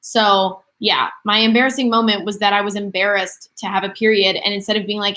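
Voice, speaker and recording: A woman's voice: medium pitch, fairly even intonation, a little fast, few pauses, bright, forceful tone. A woman in her twenties chatting casually on a livestream, rambling through viewer questions with lots of fillers. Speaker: livestream host.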